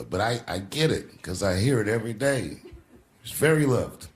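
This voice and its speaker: A man doing stand-up storytelling, conversational and animated, swinging between low asides and loud punchlines. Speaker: stand-up comedian. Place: live theater on stage. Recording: long hall reverb, faint noise.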